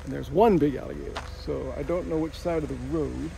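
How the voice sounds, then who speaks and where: A man's voice: a little high, brisk, vocal fry, hardly any pauses, noisy background. A man in a casual outdoor travel vlog, talking in a chatty, wry and self-mocking way. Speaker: travel vlogger. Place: outdoors by a swamp.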